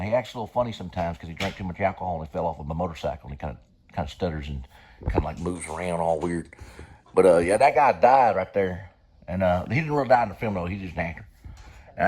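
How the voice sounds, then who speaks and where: Husky rambling man. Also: on the low side, darkish tone. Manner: folksy, swears casually, repeats himself. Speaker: vlogger. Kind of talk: rambling casual commentary.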